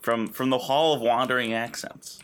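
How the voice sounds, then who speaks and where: A man's voice: medium pitch, fairly even intonation, normal speed, a bit bright, slight background noise. A man co-hosting a podcast, joking and swearing through playful hot takes in casual chat. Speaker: podcast co-host.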